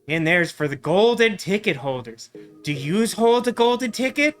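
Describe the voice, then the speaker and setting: A surly desert motel manager snaps and sneers in slangy, sarcastic jabs, as a man puts him on while reading a pixel-art adventure game. The voice sits bright and fairly high, with faint music running underneath. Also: lively intonation, normal speed. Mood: grumpy. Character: rude grumpy male desert motel manager. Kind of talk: let's play voicing of game text.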